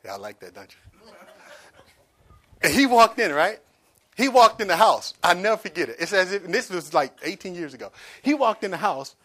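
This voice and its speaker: High-voiced preaching man, emphatic. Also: very animated, normal speed, bright, forceful tone. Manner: emphatic preaching with repetition and call-and-response questions. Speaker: pastor. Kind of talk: sermon.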